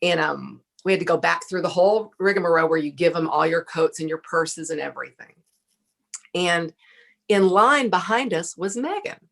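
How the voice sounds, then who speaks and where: A middle-aged woman with a Texan accent telling a lively story as a podcast guest, laughing often. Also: fairly low pitch, normal speed, gravelly. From Texas. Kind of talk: casual storytelling chat.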